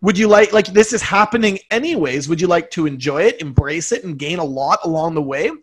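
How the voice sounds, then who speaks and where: A man's voice: on the high side, a little fast, breathy edge. A man who is a guest on a podcast, talking thoughtfully and encouragingly in casual conversation. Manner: reflective, encouraging, speaks about self-love.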